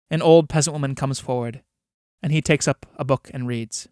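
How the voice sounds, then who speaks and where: A man narrating a full play aloud, reading the stage directions plainly and in a measured way. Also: mid-range voice, mellow, clean tone, no echo, clean studio sound.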